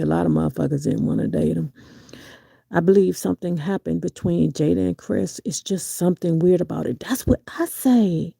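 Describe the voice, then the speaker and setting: A middle-aged woman in casual live-stream commentary, reading viewers' chat and giving frank, profane opinions full of rhetorical questions, her pitch jumping up sharply when she exclaims. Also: gravelly, mellow, dry recording, studio quality.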